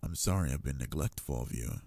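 A man playing a possessive, doting alpha lover in an intimate audio role-play, talking in a low, teasing way. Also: lively intonation, fairly quick, mellow, no echo. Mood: tender.

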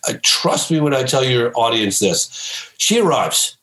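A man who is a filmmaker guest on a podcast, telling stories emphatically and breaking into excited shouts. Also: mid-range voice, unhurried, roomy sound, poor audio. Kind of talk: animated storytelling in a podcast interview.

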